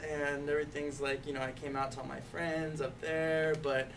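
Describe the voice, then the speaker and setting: A man's voice: a little high, little pitch movement, moderate pace, vocal fry. A young man telling his own coming-out story in a casual way, full of "like" and "you know" and light laughs. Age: young adult. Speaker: youth activist intern. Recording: distant mic, faint background noise.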